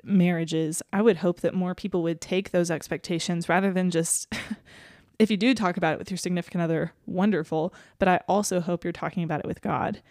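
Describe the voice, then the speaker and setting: A woman co-hosting a casual faith podcast, earnest and quick to laugh, who reads scripture aloud. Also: fairly low pitch, a little mellow, no echo, clean studio sound. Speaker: podcast co-host.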